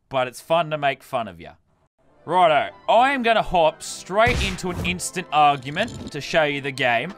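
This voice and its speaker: Jokey Australian man commentating a game. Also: on the high side. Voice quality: jokey and swearing, excitable. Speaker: gaming video host. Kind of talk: gameplay commentary.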